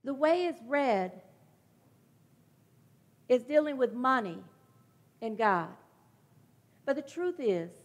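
A woman with a high, light voice delivers a heartfelt sermon. She is middle-aged and speaks earnestly and reflectively, sometimes pausing and restarting, her voice near tears. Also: a bit bright. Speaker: preacher.

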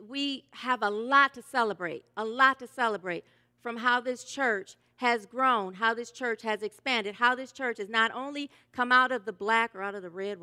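A woman minister giving a sermon, loud and enthusiastic, laughing often. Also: fairly high pitch, clean tone.

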